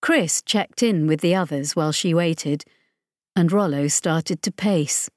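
A woman reading a science fiction audiobook in measured scripted narration on a close microphone. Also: low-pitched, dry recording. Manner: measured, even storytelling.

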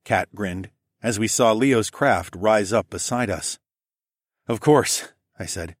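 A man narrating a first-person adventure story in a steady, matter-of-fact reading. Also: lowish voice, unhurried, no echo, studio quality.

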